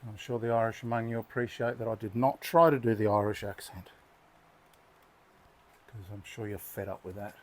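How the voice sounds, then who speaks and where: A man's voice: lowish voice, fairly even intonation, normal speed, long pauses. A man hosting a knife sharpening video, chatting casually and muttering to himself as he works. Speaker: knife sharpening channel host. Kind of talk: casual hands-on demonstration.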